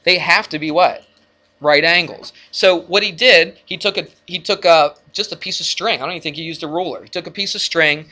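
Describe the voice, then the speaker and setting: A man teaching a math lesson to his class, lively and energetic, often asking the students questions. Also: on the high side, fairly quick. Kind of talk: classroom lecture.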